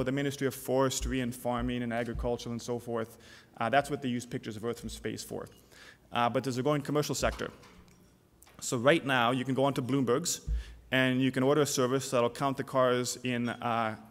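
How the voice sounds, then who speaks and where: A middle-aged man from Canada giving a conference keynote, telling stories casually with many fillers and restarts. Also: medium pitch. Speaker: keynote speaker, company CEO. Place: conference hall. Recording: long hall reverb.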